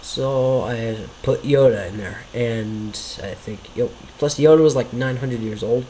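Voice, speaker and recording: A video creator gives casual, rambling commentary over his own homemade series, apologizing for his mistakes and poking fun at himself. His middle-pitched voice is a little slow and dark in tone. The low-quality recording has a faint hiss running underneath.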